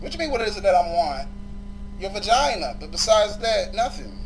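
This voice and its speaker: A man's voice: sits high, very animated, normal speed, slight background noise, poor audio. A man ranting aggressively and with passion in a profane vlog, arguing with his viewers and with a woman on the phone. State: injured leg. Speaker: vlogger.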